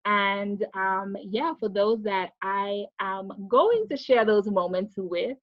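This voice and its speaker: A woman in her thirties, an author chatting live on a video call, excitable and quick to laugh. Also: medium pitch, no room sound, muffled recording. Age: 30s. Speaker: author and birthday guest. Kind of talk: casual live video chat.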